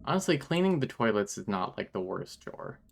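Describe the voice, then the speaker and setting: A woman's voice: rumbling low, big pitch swings, fairly quick, creaky, a little hiss or hum. A woman streaming a video game live, commenting with wry, joking asides.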